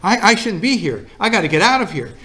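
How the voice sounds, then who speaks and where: A male preacher voicing a frantic middle-aged housewife who repeats herself breathlessly as she rushes home. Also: fairly low pitch, natural voice.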